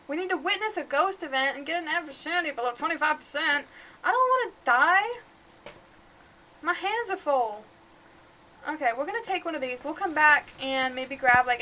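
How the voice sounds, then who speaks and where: A woman streamer chatting through a horror game live, jumpy and giggly, yelling out to the ghost now and then. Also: high-pitched, a little hiss or hum. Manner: chatty, jumpy, laughs often, calls out loudly to the ghost.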